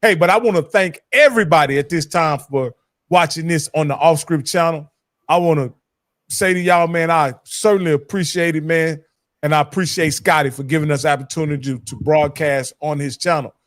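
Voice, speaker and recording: A man's voice: on the high side, brisk, dry recording, clean studio sound. A man hosting a casual sports talk show, easygoing and speaking straight to his viewers. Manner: easygoing, addresses viewers directly. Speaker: show host.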